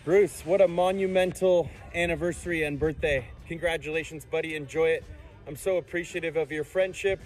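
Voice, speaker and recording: A man sending a quick, enthusiastic birthday message. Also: fairly high pitch, steady tone, darkish tone, faint music behind, low-quality recording.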